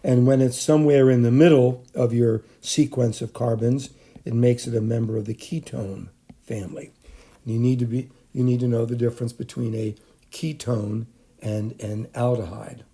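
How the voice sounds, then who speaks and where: A middle-aged male teacher talks through a chemistry screencast in a warm, mellow voice. He speaks off the cuff, with frequent ums and self-corrections. His pitch sits in an ordinary middle range for a man. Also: fairly even intonation, normal speed, slightly rough. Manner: unscripted, many fillers and restarts. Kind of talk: recorded lecture screencast.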